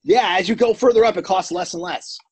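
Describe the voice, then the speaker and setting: A man's voice: sits high, brisk, breathy edge. A man in a podcast interview, playful and goofy, rambling through jokes. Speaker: interview guest. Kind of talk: joking podcast chat.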